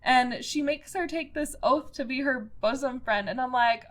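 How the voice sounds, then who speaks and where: A young woman co-hosting a podcast, retelling scenes in a giggly, animated way with quoted voices. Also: high voice, moderate pace. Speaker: podcast co-host. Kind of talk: casual chat about an anime.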